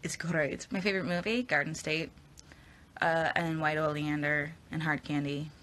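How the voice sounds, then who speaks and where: Young actress chatting casually with fans on her phone; bright, edgy tone, chatty and rambling. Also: low-pitched, steady tone, moderate pace, a little hiss or hum. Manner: chatty, giggly, rambling with fillers. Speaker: actress answering fan questions. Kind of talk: casual live Q&A chat.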